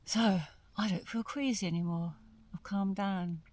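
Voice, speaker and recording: In a casual solo camping vlog, a woman from South East London sits in a small winter tent, chatting to the camera and musing along the way. She speaks unhurriedly in a medium-pitched voice with a darkish tone.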